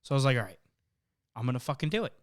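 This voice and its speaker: A man co-hosting a casual podcast, telling a story with lively energy and frequent swearing. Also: medium pitch, racing, clean tone. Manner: animated storyteller, swears often. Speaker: podcast co-host. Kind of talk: casual chat.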